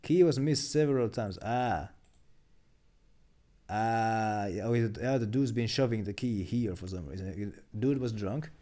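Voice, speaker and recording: A man's voice: lowish voice, measured pace, warm tone. A man on a live stream reading and reacting to memes in a chatty, muttering way, full of restarts. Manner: chatty, muttering, laughs at jokes, many restarts. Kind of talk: casual live-stream commentary.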